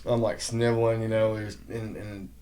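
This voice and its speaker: A man's voice: on the low side, little pitch movement, moderate pace, mellow, slight background noise. A man in his forties, a podcast guest, talking bluntly with frequent swearing and jokes. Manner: blunt, profane, joking. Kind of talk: casual chat.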